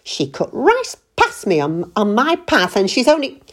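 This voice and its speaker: A woman's voice: fairly high pitch, wildly swooping pitch, measured pace, voice pushed up, exaggerated voice. A woman voicing an impatient, sulky, sarcastic middle-aged husband who grumbles at his wife.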